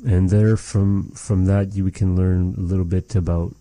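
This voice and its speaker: Low dark-voiced guy teaching a language slow and patient, dry close sound. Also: little pitch movement, no echo. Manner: slow, patient, repeats phrases for practice. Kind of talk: language lesson conversation.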